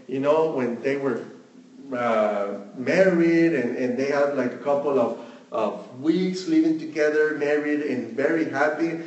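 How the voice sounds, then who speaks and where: A pastor delivers a sermon in a slow, measured way, often leaning on "you know." His voice sits a bit high for a man. He is heard from some distance in an echoey room. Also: darkish tone, highs cut off. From Mexico.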